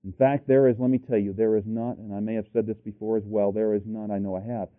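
A man preaching a sermon, firing rhetorical questions at the congregation and rising to loud, emphatic peaks. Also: fairly low pitch, level tone, fast talker. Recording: tinny phone-like audio.

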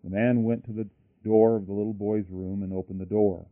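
Emphatic preacher over a tinny line. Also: male voice, on the low side, little pitch movement, fairly quick, dry recording. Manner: emphatic, repeating phrases for stress. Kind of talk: sermon. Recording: tinny phone-like line, dry.

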